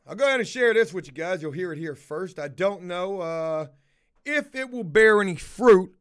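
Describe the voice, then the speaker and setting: A man's voice: high voice, lively intonation, moderate pace, clean tone. A man hosting a casual livestream, answering chat in a blunt, rambling, heavily profane way. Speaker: livestream host reading chat.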